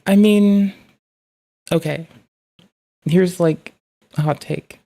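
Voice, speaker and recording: A woman streamer with a low, gravelly voice talks in a loose, rambling way. She is blunt and profane as she chats and reacts to clips. Her tone sits on the dark, mellow side. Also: slow. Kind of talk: casual chat reacting to clips.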